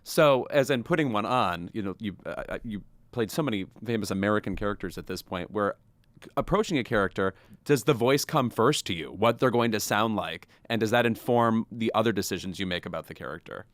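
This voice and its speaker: A man's voice: on the low side, animated, a little fast, a bit bright, no room sound. A man hosting a podcast interview, asking questions with enthusiastic, playful energy. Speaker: podcast host. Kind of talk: interview conversation.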